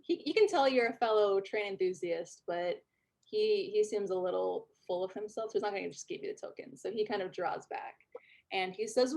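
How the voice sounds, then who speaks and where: A woman's voice: mid-range voice, a little fast, gravelly, darkish tone. Chatty woman game master. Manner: chatty, many fillers. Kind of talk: narrating a tabletop game.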